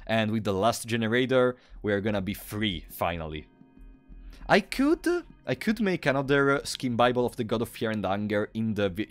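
A man giving casual live-stream commentary while playing, excitable and quick to thank donors out loud. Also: lowish voice. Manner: excitable, thanks donors loudly, restarts often.

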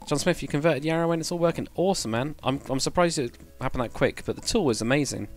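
A man's voice: fairly high pitch, quick pace, faint music behind. A man casually chatting on a game livestream, thinking aloud while building and answering chat. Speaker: game streamer.

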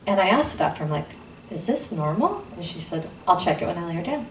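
Speaking at a racing pace with lively intonation, this lowish-voiced woman tells her personal testimony as a guest in a small church gathering room. Her manner is earnest, and quoted dialogue comes with abrupt pitch leaps. A far-off mic gives a roomy sound and slight background noise.

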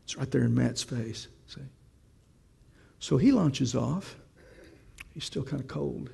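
A man's voice: mid-range voice, animated, takes it slowly, creaky, mellow, breathy edge, big-room sound. A man preaching a sermon, telling a story and asking the congregation questions in a conversational way.

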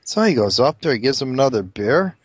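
Animated man telling crude jokes. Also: mid-range voice, a little fast, breathy edge, no room sound. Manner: animated storyteller doing many character voices. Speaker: joke teller.

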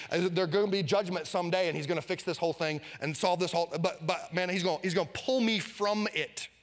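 High-voiced energetic preacher man. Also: fast, few pauses, in a large hall. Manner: energetic, leads the congregation in call-and-response. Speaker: pastor. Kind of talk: sermon. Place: church sanctuary.

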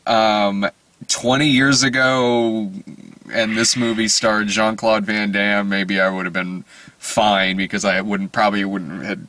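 A man with a bright, forward voice chats casually through a movie review, wandering off on tangents. He swears freely and breaks into laughter often. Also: on the low side, steady tone, measured pace, slight background noise. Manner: rambling, profane, laughs often. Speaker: movie review podcast host.

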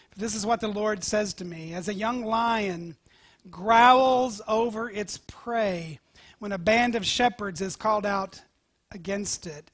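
A male pastor preaching a sermon, telling scripture stories with animated swings from loud to whispered. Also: high-pitched, dry recording. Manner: animated storytelling, dropping to near-whispers.

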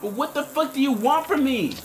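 A young man giving profane, sarcastic gameplay commentary, swinging from muttered gripes into shouting and laughter. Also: extremely high pitch, brisk, faint music behind. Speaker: gaming commentator.

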